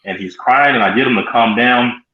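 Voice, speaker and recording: A male co-host telling a personal story in a halting way, repeating words as he goes. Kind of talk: casual chat, personal story. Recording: echoey, dull low-fi audio.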